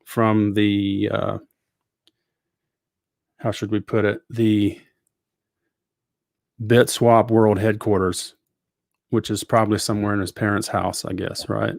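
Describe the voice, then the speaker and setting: A man's voice: lowish voice, flat delivery, slow pace, gravelly, long pauses, a little mellow, no echo, studio quality. Folksy Southern man hosting a podcast. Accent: Southern US, Georgia. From Georgia, US. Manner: folksy, rambling, lots of fillers. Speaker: podcast host. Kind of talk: casual interview chat.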